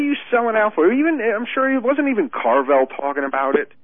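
A man calling in to a radio show, talking in an excitable, stammering, indignant way about politics. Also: sits high, brisk, few pauses, no room sound. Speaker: phone-in guest. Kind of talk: heated political chat on a phone line. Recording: tinny dry phone line.

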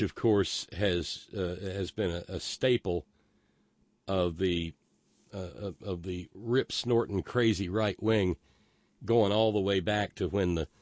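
Male podcast host, deep-ish voice, sardonic and profane, rambling, dry close sound. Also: dry recording. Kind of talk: casual political commentary.

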